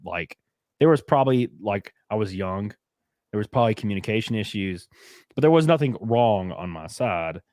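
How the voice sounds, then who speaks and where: Open-hearted man, low voice, dry sound. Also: animated, moderate pace, darkish tone, no echo. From United States. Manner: candid, rambling storytelling with many fillers. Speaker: podcast host. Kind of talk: casual chat.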